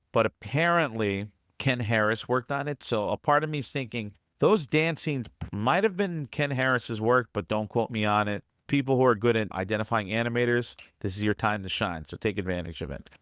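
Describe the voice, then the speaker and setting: Guest commentator: a man with a lowish, smooth voice, jokey and self-deprecating, recorded dry and close. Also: a bit bright, no echo. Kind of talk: casual review commentary.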